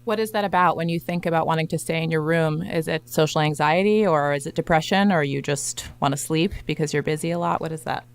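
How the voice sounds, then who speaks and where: A woman's voice: deep voice, fast talker, few pauses, smooth. A woman hosting a conversational interview and asking probing follow-up questions. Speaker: interviewer, host.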